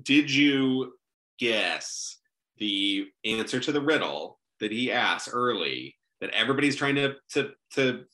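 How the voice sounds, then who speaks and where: A man with a bright, crisp voice and a lively, swooping delivery chats about a movie. He rambles through his thoughts casually and laughs often. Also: mid-range voice, unhurried. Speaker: podcast co-host.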